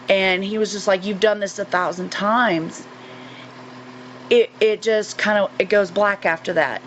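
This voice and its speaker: A woman in her forties from North Carolina, a guest recounting a personal experience in an earnest, halting way with many fillers. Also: medium pitch, a bit bright. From North Carolina, USA. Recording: muffled recording with faint hiss.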